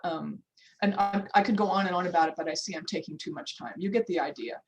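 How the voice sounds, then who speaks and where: Fairly low-pitched and fast, an older American linguistics professor gives an academic workshop talk over video call, with a muffled recording. Her style is loose and conversational, full of restarts and asides, and she checks the clock out loud.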